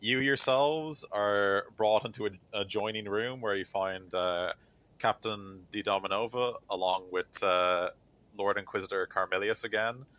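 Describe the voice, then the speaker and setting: A game master narrating a tabletop game in a loose, rambling way. His voice is very low but bright and forceful. The recording is slightly dull and lo-fi. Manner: loose, with many fillers.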